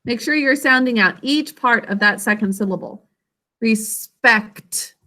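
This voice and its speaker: A woman teaching a class over a video call, encouraging and sounding out words slowly. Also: a little high, sharp tone.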